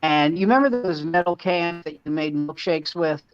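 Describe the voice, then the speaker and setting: A man's voice: on the high side, lively intonation, moderate pace, clean tone. A man comedian telling rambling anecdotes in casual chat. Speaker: comedian and podcast co-host. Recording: dull lo-fi dry sound.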